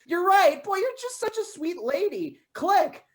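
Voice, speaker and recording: A young woman plays an excitable woman at the dog park, fussing over her own dog. Her voice sits high, and she keeps breaking into sudden shouts in this improv comedy scene. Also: measured pace, exaggerated voice. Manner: animated, bursts into shouting.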